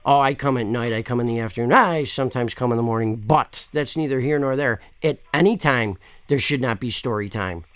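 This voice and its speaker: A man's voice: mid-range voice, brisk, few pauses, fairly bright tone, clean tone, no echo. A man making a prank call to a store, rambling, pushy and swearing often. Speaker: caller complaining to a store.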